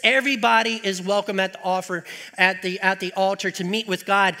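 A man's voice: sits high, fairly even intonation, brisk, pushed and bright, big-room sound. A male pastor preaching a conversational sermon with joking asides, asking the congregation rhetorical questions in a church.

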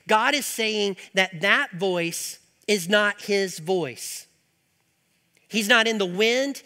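A man preaching an earnest sermon, moving between emphatic and softer passages, in a reverberant hall. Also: sits high. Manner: earnest, rising to emphatic then dropping soft.

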